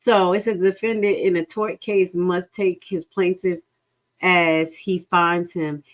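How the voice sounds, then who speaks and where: A woman with a low-pitched voice commenting live for her viewers as she reads a lawsuit aloud. She is frank and animated and swears casually. Her tone stays loose and conversational while she talks straight to her audience. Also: a little slow. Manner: animated, swings into high-pitched laughing outbursts and back to low reading.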